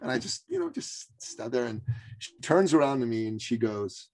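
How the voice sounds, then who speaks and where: A man, a coaching guest on a podcast, telling a story casually with animated delivery and frequent restarts. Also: mid-range voice, moderate pace, gravelly.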